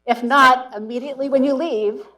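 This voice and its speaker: A woman's voice: high-pitched, fairly even intonation, moderate pace, bright, forceful tone, poor audio. A woman interviewing a guest on stage before students, summing up and asking follow-up questions. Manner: encouraging, summarizing questions. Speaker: interviewer and moderator. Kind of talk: onstage interview. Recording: faint mains hum.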